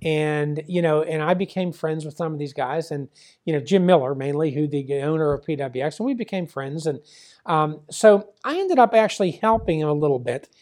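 At a moderate pace, an older Pittsburgh-area man who once promoted wrestling meanders through a story. His slightly high, slightly mellow voice is full of fillers, and he performs the quoted lines as he goes.

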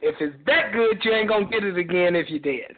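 A man calling in to a radio show, loud and teasing, who laughs a lot as he jokes with the others. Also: high-pitched, brisk. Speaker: caller. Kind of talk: casual call-in banter. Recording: tinny phone line with chatter behind.

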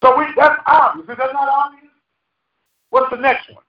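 A man's voice: extremely high pitch, steady tone, moderate pace. A man preaching a sermon as pastor, folksy and joking, asking his congregation questions. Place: church hall. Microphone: handheld microphone. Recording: roomy, distant, dull sound.

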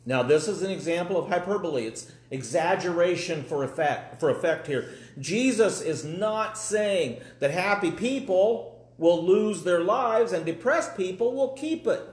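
Guy preaching live, chatty and dry, kinda high voice, echoey church. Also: lively intonation, normal speed. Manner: folksy, conversational storytelling with dry humor. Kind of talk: live sermon.

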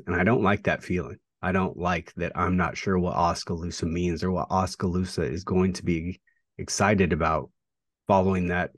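Low-voiced, dry-sounding man wrestler. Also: slightly rough, dry recording. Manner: reflective, halting with fillers and restarts. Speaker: pro wrestler. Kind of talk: casual interview talk.

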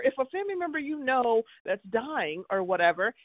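A woman's voice: high-pitched, sing-song, quick pace, few pauses, no room sound. A woman co-hosting a casual chat, talking emphatically and with exasperation, often restarting her sentences. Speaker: podcast co-host discussing a soap opera. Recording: tinny phone-like sound.

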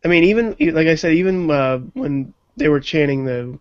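A man co-hosting a casual wrestling podcast, relaxed and joking, stammering as he starts. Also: on the high side, moderate pace, no room sound. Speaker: podcast co-host. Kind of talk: casual chat. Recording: muffled lo-fi audio.

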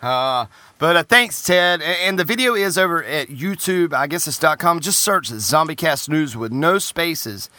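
Lively, bright-voiced male podcast host. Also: on the high side, measured pace, dry recording. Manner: laughs often, steers the show along. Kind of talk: casual chat.

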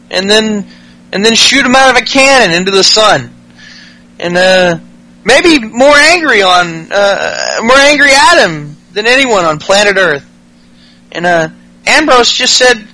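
A high-pitched man with a bright, ringing voice runs through a wrestling recap in casual podcast chat. He swears freely and gets worked up, jumping into the wrestlers' lines as he goes. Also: low-quality recording. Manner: profane, excitable, mimics wrestlers' lines. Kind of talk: casual comedic recap with acted-out quotes.

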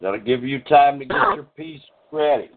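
A man hosts a poetry show and announces with emphatic, showman-like energy. His voice sits at a middle pitch. It comes through a thin, phone-like line. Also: normal speed. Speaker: host. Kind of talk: radio show hosting.

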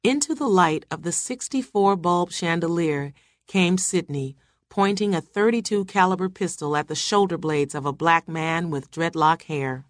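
A woman reading a novel aloud at a book study session in a measured, even way. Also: on the low side, dry recording, studio quality.

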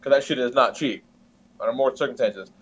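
A man's voice: mid-range voice, a little fast, dull audio, crowd noise. A man co-hosting a podcast, telling a long story in casual chat, swearing freely and laughing often, heard over a video call from a tablet. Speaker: podcast co-host.

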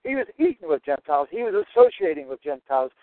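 A man's voice: fairly high pitch, huge pitch swings, fast talker, no room sound. A man teaching through a Bible passage verse by verse, stressing and repeating his key points. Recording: tinny phone-like dry sound.

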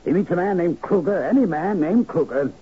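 An actor in a 1970s radio drama playing a curt, shrewd manager who explains a cover-up. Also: male voice, sits high, expressive, brisk, slightly rough, full character voice. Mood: explaining. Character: shrewd, weary male manager covering up killings. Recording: dull old radio broadcast with faint hiss.

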